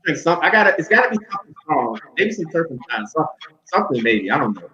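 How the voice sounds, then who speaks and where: A man's voice: on the high side, sing-song, fast, bright, forceful tone. A man, a podcast co-host, joking candidly in casual chat and repeating himself. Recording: dull lo-fi recording.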